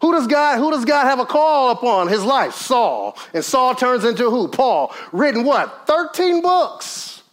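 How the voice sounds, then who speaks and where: High-pitched preaching man, wildly animated. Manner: storytelling with acted quotes, swinging from loud high peaks to low murmurs; calls out questions to the audience. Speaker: pastor. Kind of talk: sermon.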